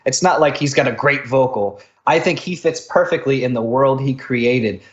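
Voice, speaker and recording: An American man co-hosting a casual music podcast, chatty and quick to jump in with his own take. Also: mid-range voice. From United States. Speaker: podcast co-host. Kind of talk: casual music-review chat. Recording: dull lo-fi sound.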